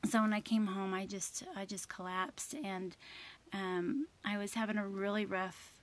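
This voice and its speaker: A woman's voice: medium pitch, flat delivery, unhurried. A woman in her thirties telling an emotional personal story, with many fillers, quoting herself and her husband.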